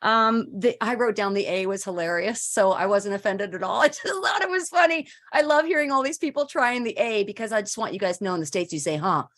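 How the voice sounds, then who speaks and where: A woman's voice: medium pitch, brisk, hardly any pauses. A woman judging a voice-over contest, giving enthusiastic, encouraging feedback. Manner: warm, enthusiastic praise. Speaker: judge. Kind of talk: encouraging critique.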